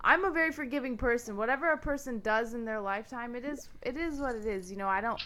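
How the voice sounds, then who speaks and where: A woman's voice: fairly high pitch, fast, a bit bright, slight background noise. Chatty, outspoken woman podcast co-host. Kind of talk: casual podcast chat.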